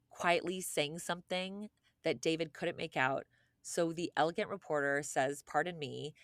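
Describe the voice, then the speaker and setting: Animated, profane woman podcast host. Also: low voice, no room sound, studio quality. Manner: animated, profane, lots of "like", acts out quoted people. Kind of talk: casual chat, storytelling a true case.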